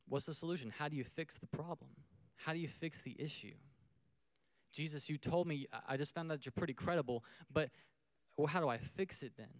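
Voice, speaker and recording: A man's voice: medium pitch, no room sound. A man preaching a sermon in a conversational way, acting out little scenes and asking the crowd questions. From United States. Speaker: pastor.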